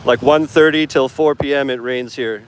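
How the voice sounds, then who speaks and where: A man's voice: medium pitch, steady tone, normal speed, clean tone. A man chatting casually in a live stream while walking outdoors along a city street, talking into his phone in a rambling way with lots of fillers. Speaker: English teacher and vlogger. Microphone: phone camera held while walking.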